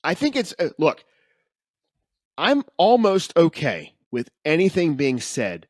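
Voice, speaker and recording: A man's voice: on the high side, wildly swooping pitch, slow, no echo, clean studio sound. A man co-hosting a podcast in casual chat, opinionated and wry, with some mock exasperation. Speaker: podcast co-host. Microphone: studio headphones.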